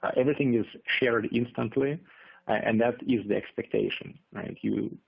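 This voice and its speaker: A man presenting a business webinar, speaking in a halting way with many fillers. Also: mid-range voice, fairly even intonation, gravelly, breathy edge, dry recording. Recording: tinny phone-like audio.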